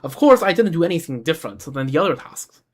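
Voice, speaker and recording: A fast-talking man with a fairly high voice and big pitch swings voices a humble, earnest village carpenter in a video game. Using a put-on Central European accent, he reads the dialogue aloud, stumbling now and then and restarting.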